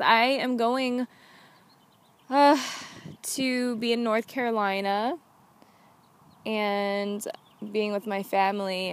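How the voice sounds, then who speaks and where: A woman's voice: medium pitch, slight background noise. Chatty young woman hosting a podcast. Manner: chatty, earnest, heavy use of "like". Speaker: podcast host. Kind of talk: casual solo podcast talk.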